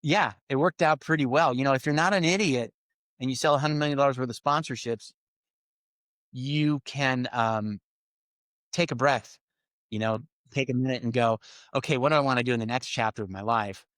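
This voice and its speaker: A middle-aged man telling business stories in a casual interview, acting out quoted lines with lively swings. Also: mid-range voice, moderate pace, no echo. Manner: animated storyteller, acts out quoted lines. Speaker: podcast guest.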